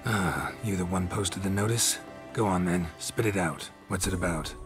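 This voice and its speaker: An actor playing a gruff, terse male monster hunter with a dry way of talking. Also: low-pitched, normal speed, natural voice. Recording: game audio with music underneath.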